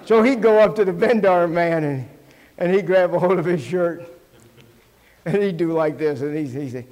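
A middle-aged male pastor preaching a sermon, telling folksy stories and acting out quotes in sudden loud shouts. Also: high voice, normal speed, long pauses. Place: church sanctuary. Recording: long hall reverb.

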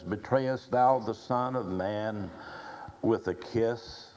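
A man preaching a sermon in a slow, unhurried delivery, quoting scripture along the way. His voice sits a little low. Faint ambient sound hangs behind him. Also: a little mellow, a little hiss or hum, poor audio.

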